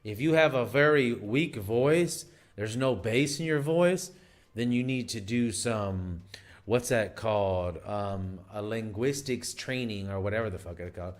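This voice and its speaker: A man's voice: lowish voice, measured pace. Rambling, emphatic man giving advice. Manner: rambling and emphatic, frequent fillers and restarts. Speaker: dating advice vlogger. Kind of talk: casual advice monologue.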